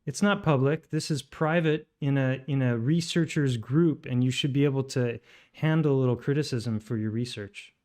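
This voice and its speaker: A man's voice: mid-range voice, normal speed, a little mellow. Guy cutting in over clips, sarcastic, rebutting every claim. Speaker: video host.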